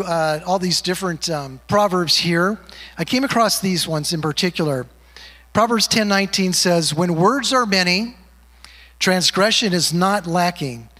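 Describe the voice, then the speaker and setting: A man preaching a sermon to his congregation, joking easily and slowing down to read scripture aloud. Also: sits high, pushed and bright. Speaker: pastor. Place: church sanctuary. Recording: long hall reverb.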